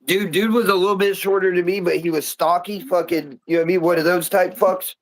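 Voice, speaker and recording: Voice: mid-range voice, steady tone, brisk. Brief: guest on a stream, slangy and profane, laughs through the story. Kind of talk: casual storytelling chat.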